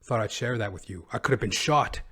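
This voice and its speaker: A young man hosting his own podcast, telling a comic story in an animated, profane, self-mocking way. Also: lowish voice, a little fast, slight background noise. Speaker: podcast host. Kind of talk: comedic storytelling monologue.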